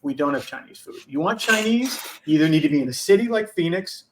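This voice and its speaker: Male co-host, relaxed and agreeable, slightly high voice, repeats phrases as he talks. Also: fast, noisy background. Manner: easygoing, agreeable, repeats himself. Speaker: podcast co-host. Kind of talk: casual chat.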